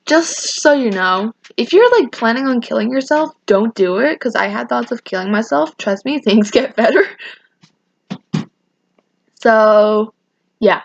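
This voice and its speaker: In a slightly high, creaky voice that's animated yet measured in pace, a teenage girl tells a casual storytime rant for her vlog, heard on a muffled recording. She rambles with frequent restarts and mimics people by quoting them in raised voices.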